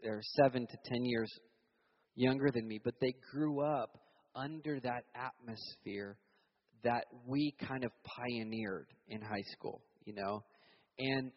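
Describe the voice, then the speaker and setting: A young man from Virginia preaching a sermon, telling stories animatedly and acting out loud shouted voices. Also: mid-range voice, normal speed. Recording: reverberant hall, dull sound.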